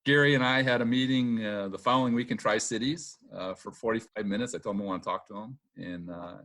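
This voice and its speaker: A middle-aged man with a fairly low voice spins casual stories from his racing days. He mimics the people in them, laughs readily, and peppers his talk with "uh" and "um.". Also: fast talker. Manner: lively anecdotes, acts out quotes, laughs often; filler-heavy with "uh" and "um". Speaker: retired boat racer, guest. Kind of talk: casual storytelling interview.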